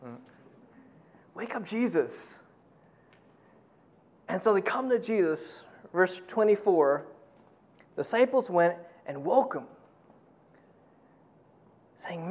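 A middle-aged man preaching a sermon in a conversational way, full of "you know", who acts out quotes in a loud, high voice. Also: big pitch swings, takes it slowly, pauses often. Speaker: pastor.

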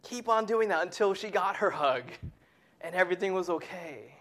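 A preacher giving a sermon who tells a family story and drops to a hushed whisper on key points. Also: mid-range voice, expressive, moderate pace.

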